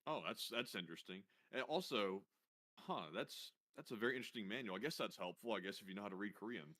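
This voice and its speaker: A man makes quick, wry, amused comments as co-host. His voice sits fairly low, and he talks briskly. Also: a bit bright.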